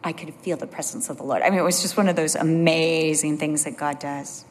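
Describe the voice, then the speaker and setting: A woman preaching a sermon, telling personal stories in an animated way and dropping to a low, soft voice for emphasis. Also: a little fast. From California. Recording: long hall reverb.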